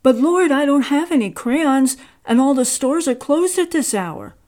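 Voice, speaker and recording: An earnest young male artist, as a woman storyteller puts him on, excitable and pleading, his voice climbing high when he gets anxious. The tone stays mellow and soft-edged even at its brightest. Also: moderate pace. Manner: excited, pleading, rising pitch.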